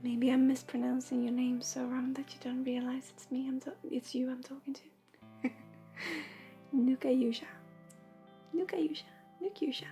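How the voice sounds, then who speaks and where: Soft, half-whispering high-voiced woman. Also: completely flat delivery, normal speed, gravelly, faint music behind. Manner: soft-spoken, often half-whispered, gentle. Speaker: intuitive reader and healer. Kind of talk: livestream readings and chat.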